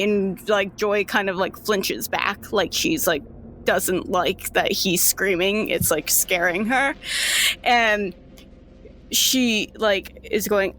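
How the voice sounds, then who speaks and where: A woman running a tabletop role-playing game as game master, narrating in a casual, halting way with many fillers. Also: mid-range voice, fairly even intonation, fairly bright tone.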